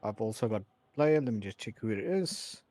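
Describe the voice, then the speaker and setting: A man's voice: on the low side, expressive, normal speed, dark tone, no room sound. A man from Africa, co-commentating a sim race live and dropping dry quips between updates. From South Africa.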